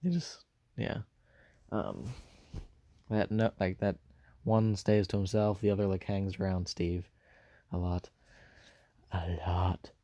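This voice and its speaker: A man's voice: deep voice, fairly even intonation, takes it slowly, pauses often, dark tone, no room sound. A man casually retelling a fan story, hesitant and full of fillers and self-corrections.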